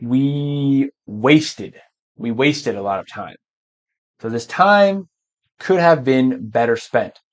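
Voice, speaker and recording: A man teaching English verbs patiently, often switching to Spanish to explain and clearing his throat now and then. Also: mid-range voice, animated, takes it slowly. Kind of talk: language lesson.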